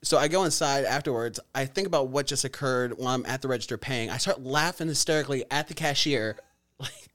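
A man's voice: mid-range voice, fast talker, few pauses. A man co-hosting a casual podcast, telling a story with lots of laughter and swearing. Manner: animated storytelling, laughs often, swears freely. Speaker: podcast co-host. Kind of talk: casual chat.

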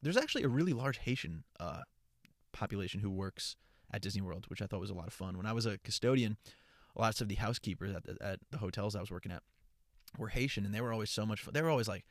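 A young man hosting his own podcast from inside a car, chatting casually in an energetic, profane, rambling way with lots of restarts. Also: fairly low pitch, quick pace, no echo, studio quality. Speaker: podcast host and content creator. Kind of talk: casual solo podcast chat. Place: parked car.

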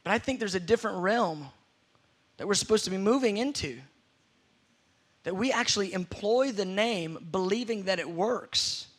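A man's voice: high-pitched, a bit bright. A man preaching a sermon, telling stories with playful acted-out scenes.

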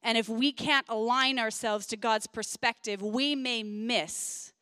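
A woman in her forties giving a sermon built around a personal story, chatty, often laughing and quick with asides. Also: fairly high pitch, steady tone, sharp tone, smooth, dry recording, clean studio sound. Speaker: pastor.

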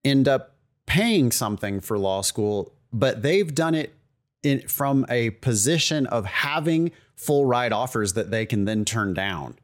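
A man's voice: mid-range voice, lively intonation. Chatty male podcast co-host. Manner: chatty, joking, quick asides. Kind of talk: casual podcast chat.

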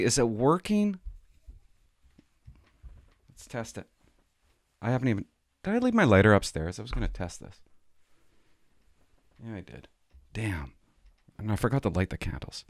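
A man's voice: medium pitch, sing-song, a little slow, long pauses, no room sound. A middle-aged man telling a rambling, self-mocking comic story to his vlog audience. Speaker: vlogger.

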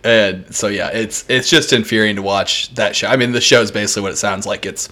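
A man's voice: fairly low pitch, fairly even intonation, quick pace, sharp tone. A man co-hosting a podcast in casual chat, who laughs often and acts out other people's voices. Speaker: podcast co-host.

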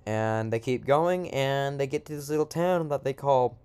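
A man's voice: mid-range voice, normal speed, a little mellow, smooth. A man improvising a silly comic story in a rambling, slangy way, with lots of asides.

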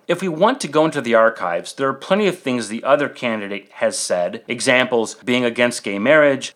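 A man hosting a podcast, reading prepared political commentary in an emphatic, measured way with rhetorical questions. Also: medium pitch, fairly bright tone. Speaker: podcast host.

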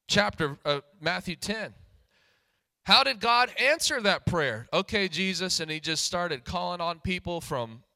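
A high, bright male pastor delivers a sermon, often swelling into shouted calls and hallelujahs. His voice is close and dry with no room sound. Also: no room sound. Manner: preaches with rising shouts and repeated hallelujahs.

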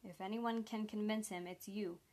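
A woman reading the lines of a calm, gentle male federal agent who speaks persuasively. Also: medium pitch, normal speed, lightly acted.

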